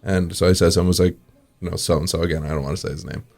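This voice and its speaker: Speaking very fast with vocal fry, a darkish tone, and fairly even intonation, this low-voiced man is a restaurant owner guesting on an interview. He eases into long, casual anecdotes, performing the quoted lines and chuckling as he goes.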